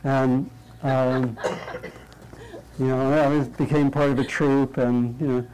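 A man's voice: medium pitch, flat delivery, a little mellow, smooth, poor audio. Man teaching meditation with light humor. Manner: light, humorous, often checks in with "right?"; thinks aloud with restarts and pauses. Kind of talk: interactive dharma talk with a group.

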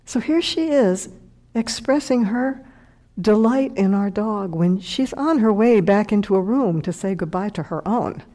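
Mellow-voiced woman giving a dharma talk. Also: medium pitch, expressive, unhurried. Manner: heartfelt storytelling, dropping to a whisper for quoted words. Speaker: meditation teacher.

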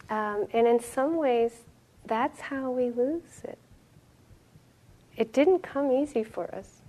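A middle-aged woman giving a dharma talk as a meditation teacher, reflective and storytelling, with soft pauses. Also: a little high, low-quality recording.

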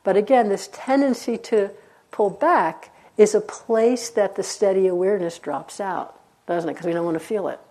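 Mellow-voiced woman giving a dharma talk. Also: medium pitch, moderate pace. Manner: warm conversational storytelling, laughs often. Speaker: meditation teacher.

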